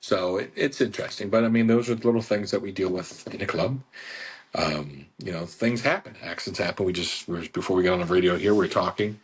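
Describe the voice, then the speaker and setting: A man with a lowish, husky voice chats easily on a radio program, pitching boat rentals in a friendly sales patter. He talks in loose, rambling runs, circling back to repeat his phone number. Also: brisk. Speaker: boat club staff on radio. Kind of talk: casual radio sales talk. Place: radio studio.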